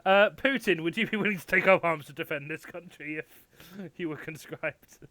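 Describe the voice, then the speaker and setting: A man hosting a comedy panel, giggly and halting, often restarting his sentences. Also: a little high, noisy background. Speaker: quiz host.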